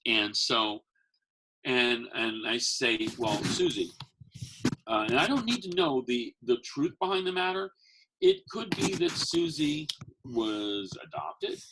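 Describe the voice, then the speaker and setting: A man's voice: takes it slowly, noisy background. A man, a magician who works as Santa, telling stories in a casual chat and acting out the voices of the people in them. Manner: animated, acts out quotes with big pitch jumps. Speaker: podcast guest, magician and Santa performer. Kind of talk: casual storytelling.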